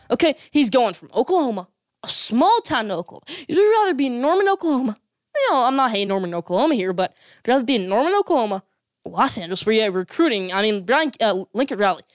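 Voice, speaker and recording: Fast-talking woman doing a football vlog, super opinionated, hammers the same point over and over, dry sound. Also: a little high, no room sound. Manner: emphatic, repeats points for effect. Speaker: sports vlogger. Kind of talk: opinionated college football commentary.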